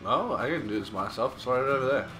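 A man's voice: mid-range voice, expressive, quick pace, sharp tone, faint music behind. Swearing man joking over a game. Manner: profane, joking. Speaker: let's play co-host. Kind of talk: casual gaming banter.

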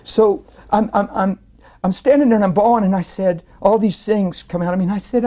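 A man telling his personal faith testimony in an interview, earnest and animated, rising with strong feeling as he tells it. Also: high voice, fairly quick.

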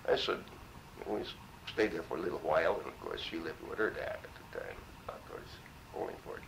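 Old guy from minnesota telling war stories, cussing a lot, real deep gravelly voice. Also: fairly quick, background noise. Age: 70s. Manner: salty, profane, animated storyteller. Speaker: war veteran interviewee. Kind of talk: oral history storytelling.

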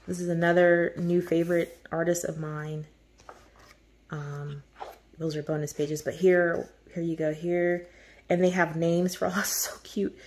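Gushing woman with a lowish voice. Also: a little mellow. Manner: gushing, effusive, laughs often. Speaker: host of a coloring channel. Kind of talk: casual chat showing birthday gifts.

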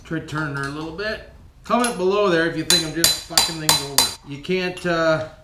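Working on an engine in his home shop, a Canadian vlogger chats with his audience, swearing plenty, keeping it folksy, and addressing them as "boys." He has a fairly high voice at a fairly quick pace, and heavy background noise, echo, and clanging tools fill the recording.

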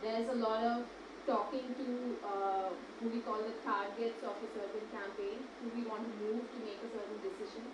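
A woman's voice: fairly high pitch, fairly even intonation, normal speed. A woman, an earnest and persuasive campaigner speaking on a panel. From India. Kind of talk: panel discussion. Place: large echoey event hall. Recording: echoey hall from far off with background noise.

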